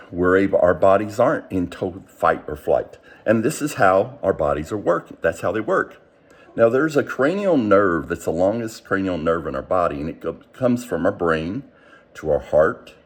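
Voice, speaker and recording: A deep, slightly husky male voice. He teaches like a mindset coach, earnest and explanatory, and he often breaks off and restarts his sentences as he works through an idea. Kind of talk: motivational teaching talk.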